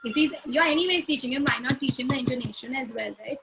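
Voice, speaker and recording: A speech-language pathologist answers clinical questions in a casual chat, explaining with examples and acting out short phrases the way she'd say them to a child. Her voice sits high and creaky, and she talks quickly. Heavy background noise runs through the clip.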